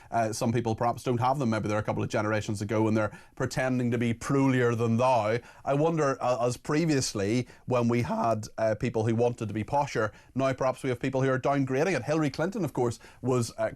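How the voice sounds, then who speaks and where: A man's voice: medium pitch, darkish tone. A man hosting a talk radio interview, speaking in a conversational, somewhat hesitant way. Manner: conversational, hesitant, with filler restarts.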